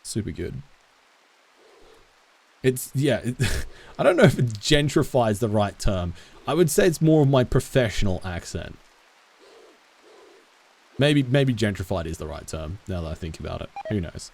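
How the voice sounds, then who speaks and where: A man with a softened Australian accent, chatting casually with his live-stream audience as he plays, laughing often and answering chat. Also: on the low side, sing-song, moderate pace, vocal fry, pauses often. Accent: Australian, toned down. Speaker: game streamer.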